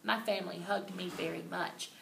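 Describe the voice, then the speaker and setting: Expressive woman reading aloud, bright and gravelly, recorded far off in a roomy space. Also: fairly low pitch, moderate pace, a little hiss or hum. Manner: lively, expressive storytelling. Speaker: reader. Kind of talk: reading a children's book aloud. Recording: roomy and distant, faint ambience.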